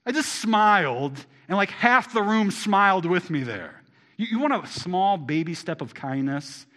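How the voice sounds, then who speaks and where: A man preaching a sermon to a congregation, asking them rhetorical questions and swinging between loud emphasis and quiet asides. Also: high-pitched, animated, unhurried. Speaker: pastor.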